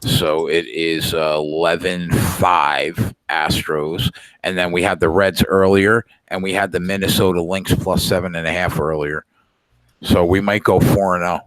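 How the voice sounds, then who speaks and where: A man with a very deep voice talks through the night's bets in a loose, rambling way, full of "like" and casual swearing. It sounds like a late-night podcast chat between friends, recorded close and dry. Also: steady tone, moderate pace, a bit bright, dry recording. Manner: laid-back, profane, lots of filler words. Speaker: podcast co-host.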